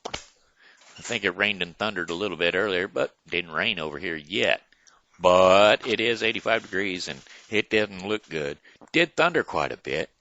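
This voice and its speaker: A man hosting his own casual home video show, talking in a folksy, animated way and stumbling over names, recorded at home near his front door. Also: low-pitched, moderate pace, dry recording, lo-fi sound. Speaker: host.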